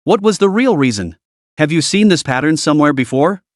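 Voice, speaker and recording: A man's voice: on the high side, lively intonation, a little fast, dry recording, clean studio sound, lightly acted. A man voicing a cunning, relentless male interrogator who presses with rising questions. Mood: pressing.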